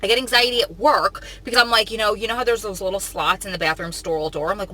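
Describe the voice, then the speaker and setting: A woman talking casually to her vlog viewers in a chatty, rambling way, full of fillers and quick to joke and laugh. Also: mid-range voice, pushed and bright, poor audio. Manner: laughs easily, jokey. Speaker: vlogger.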